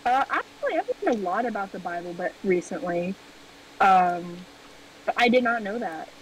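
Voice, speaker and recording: A woman streamer chatting casually over a game, joking in a playful, deadpan way. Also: medium pitch, moderate pace, recorded from a distance, slight background noise, low-quality recording. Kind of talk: casual gameplay chat.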